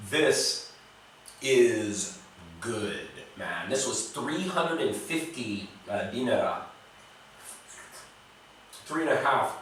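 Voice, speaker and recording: A man's voice: medium pitch, a bit bright, recorded from a distance, slight background noise. An American man reviewing beers in a casual vlog, blunt and profane, talking straight to the viewer, in a home recording. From United States. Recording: very echoey room, voice a bit off-mic.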